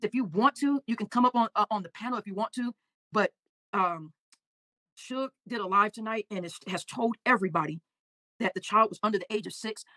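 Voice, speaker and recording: Woman livestream host, rapid, emotional, halting delivery, dry sound. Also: mid-range voice, pushed and bright, dry recording. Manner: emotional, halting, repeats words. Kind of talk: casual livestream chat reading comments.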